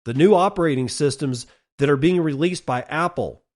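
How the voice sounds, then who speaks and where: A man's voice: a little high, normal speed, a little mellow. Blunt, swearing male podcast host. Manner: casual, blunt, swears while ranting; reads listener messages and figures aloud. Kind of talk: solo podcast commentary.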